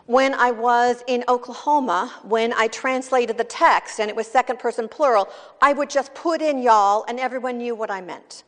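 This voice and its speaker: A woman's voice: on the high side, big-room sound. A woman from California preaching a sermon in a conversational, wry teaching manner. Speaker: pastor.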